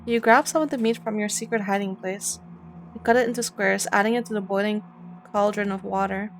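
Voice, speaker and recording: A woman's voice: medium pitch, fairly even intonation, slight background noise. Young woman reading a horror game aloud. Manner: reads narration aloud, swears in quick reactions. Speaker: gaming video host.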